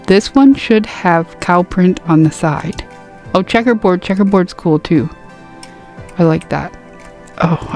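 A woman giving a casual game review, gasping and squealing excitedly over cute items. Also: on the low side. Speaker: gaming YouTuber.

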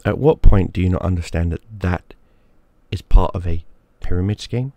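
A man with a low-pitched, mellow voice rants crudely to camera as a YouTube gaming creator, mocking and swearing and repeating himself for emphasis. He talks at a moderate pace, and there's no room sound.

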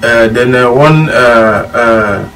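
A man's voice: medium pitch, takes it slowly, a bit bright. A man with a Nigerian Pidgin accent, a former footballer telling a rambling story full of quoted dialogue in a casual chat. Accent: Nigerian Pidgin English. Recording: distant mic with faint room noise.

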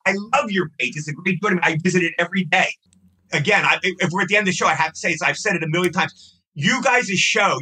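High, fast, bright-voiced rambling man. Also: slightly rough, poor audio. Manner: rambling, effusive, repeats himself. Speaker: podcast guest, actor. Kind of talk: casual chat.

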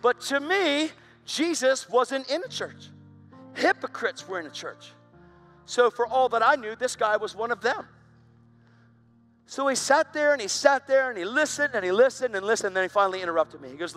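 A man's voice: very high voice, lively intonation, moderate pace, a bit bright, soft background music. A man preaching, telling his own story in an intense, dramatic way. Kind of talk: sermon testimony.

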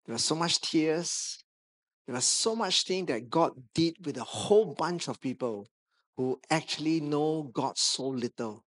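A man with a Malaysian English accent, preaching a sermon as a pastor, telling a lively anecdote with touches of humor. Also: on the high side, a little slow. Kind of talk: sermon storytelling. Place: church stage.

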